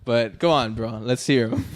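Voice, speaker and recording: Excitable man with halting restarts. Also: mid-range voice, no room sound, studio quality. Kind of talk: casual podcast chat.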